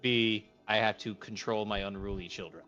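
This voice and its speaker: A man's voice: on the low side, fairly even intonation, moderate pace, bright, forceful tone, highs cut off, faint music behind. A man chatting casually on a voice call, giving wry, rambling explanations. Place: online voice call.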